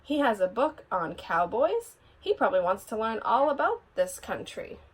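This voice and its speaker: A woman reads a children's picture book aloud, her pitch rising and falling with lots of life. Her voice sits fairly high and has a soft, breathy edge. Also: big pitch swings, normal speed. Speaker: storybook reader.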